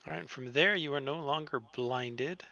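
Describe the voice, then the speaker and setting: A man acting as game master, with a bright, forward voice and a dry, close sound. He explains the rules in an easygoing way and calls the turns. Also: a little high, normal speed, vocal fry, dry recording, highs cut off. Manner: laid-back, explains rules. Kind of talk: running a tabletop game.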